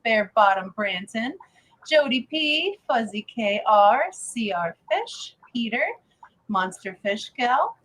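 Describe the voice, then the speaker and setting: A woman from Wisconsin co-hosting a casual fish-keeping livestream, chatty and quick to laugh, reading out viewer names. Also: a little high, fairly bright tone, low-quality recording. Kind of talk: casual chat.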